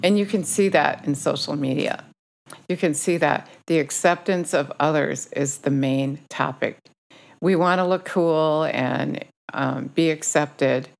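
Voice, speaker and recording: A woman preacher gives an informal sermon in a deep, creaky, unhurried voice. Urgent and exhorting, she presses her listeners with pointed rhetorical questions.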